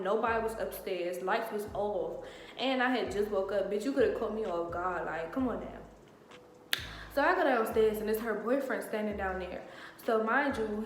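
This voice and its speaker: A woman's voice: fairly high pitch, a little hiss or hum. Profane young woman, very echoey room. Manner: profane, animated storytelling. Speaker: vlogger. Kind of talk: casual storytime. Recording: very echoey room with long reverb.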